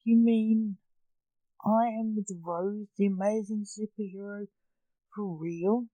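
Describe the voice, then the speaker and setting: A woman voicing an eager, confused man in a chicken costume, who talks with excited curiosity in a storybook. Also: medium pitch, slow pace, no echo, lo-fi sound, close to an everyday voice.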